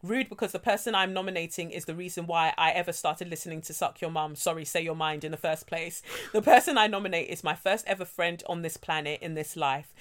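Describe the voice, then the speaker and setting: A woman co-hosting a podcast, reading out a listener's letter and chatting casually, animated and quick to laugh. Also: fairly low pitch. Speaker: podcast co-host.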